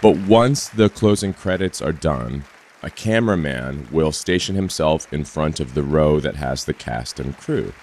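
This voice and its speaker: A man's voice: rumbling low, expressive, a little slow, darkish tone, slight background noise. A man interviewed as a reporter, explaining things in a lightly wry way. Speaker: interviewed journalist. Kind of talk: interview clip.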